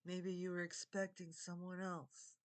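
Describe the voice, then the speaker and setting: Slow, earnest older woman vlogger. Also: fairly low pitch, flat delivery. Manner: earnest, meandering, repeats phrases. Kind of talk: heartfelt spoken monologue to camera.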